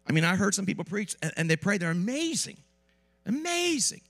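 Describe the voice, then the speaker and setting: A man preaching a lively sermon in a church with asides to the congregation, while he has a cold. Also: on the high side, brisk. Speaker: pastor. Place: church sanctuary.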